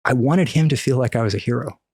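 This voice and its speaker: A middle-aged man from the American Midwest, guest on a podcast interview, telling a story with animated acted-out dialogue. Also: mid-range voice, fast, slightly rough, dry recording, studio quality. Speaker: podcast guest, cannabis activist.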